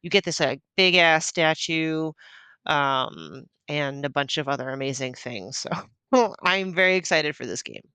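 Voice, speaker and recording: A woman co-hosts a podcast in easygoing chat, her voice bright and crisp. She stays upbeat and talkative and leans on fillers as she goes. The sound is close and dry. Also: low-pitched, measured pace, no room sound. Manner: chatty and upbeat, with frequent fillers. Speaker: podcast co-host and interviewer. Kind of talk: casual chat.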